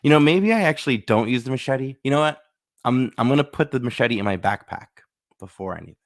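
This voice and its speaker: A man's voice: mid-range voice, expressive, fast talker. A man hosting a live solo board game playthrough, chatting and thinking aloud as he plays, now and then acting out short lines for the characters. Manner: chatty, thinks aloud, acts out little bits.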